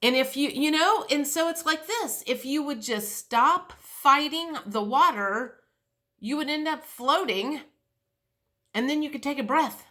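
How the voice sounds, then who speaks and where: This time her voice is high, pushed, and bright, and she goes a little slowly. The middle-aged woman keeps the tarot reading loose and meandering, cursing openly and stumbling through fillers and false starts.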